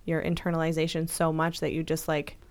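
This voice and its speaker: A woman co-hosts a podcast in casual chat, speaking earnestly and reassuringly to her partner in a supporting role and often restarting her thoughts. Her voice is low, monotone, brisk and slightly mellow.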